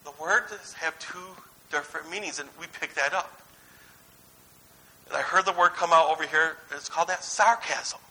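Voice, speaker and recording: Bright, high-voiced male preacher. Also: moderate pace, husky, low-quality recording. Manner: conversational, anecdotal, swings between lively and hushed. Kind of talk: sermon.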